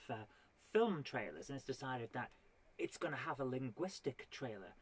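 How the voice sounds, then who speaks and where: A woman's voice: very deep voice, a bit bright, slightly rough. A woman performing a stand-up comedy routine, full of exasperated rhetorical questions and mock indignation.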